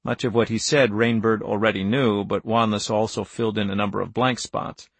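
A man narrating an audiobook in a measured, even storytelling manner. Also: lowish voice, creaky, slightly rough, no echo.

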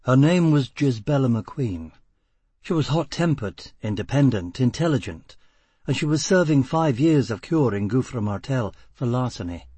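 Dark, husky male narrator. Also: medium pitch, lively intonation, no room sound. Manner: measured, dramatic pauses. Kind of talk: audiobook narration.

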